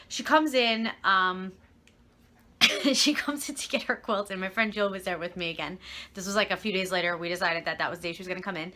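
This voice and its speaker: Young woman vlogger, bright tone, chatty and rambling, phone-recorded. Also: medium pitch, moderate pace. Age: young adult. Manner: rambling, chatty, fed-up asides. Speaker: vlogger and reseller. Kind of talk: casual storytelling vlog.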